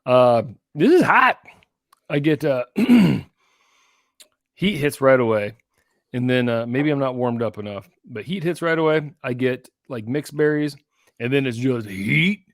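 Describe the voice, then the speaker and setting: A man co-hosting a podcast, joking and self-deprecating in casual whiskey-tasting chat, with halting restarts. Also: mid-range voice, expressive, no echo, studio quality. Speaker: podcast co-host.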